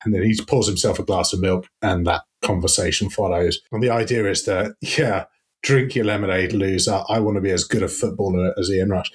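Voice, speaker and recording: A man's voice: a little fast, slightly rough. A man in his forties, co-hosting a chatty podcast and telling stories with frequent laughs. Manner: chatty storyteller, laughs often, squeaky high voice when quoting the advert. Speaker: podcast co-host. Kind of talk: casual chat.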